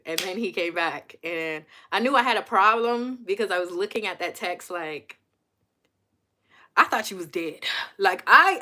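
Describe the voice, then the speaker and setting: Bright, animated young woman telling a story. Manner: animated, laughs often, says girl and honey, jumps into high exclaiming quotes. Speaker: vlogger and podcast host. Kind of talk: casual confessional storytelling.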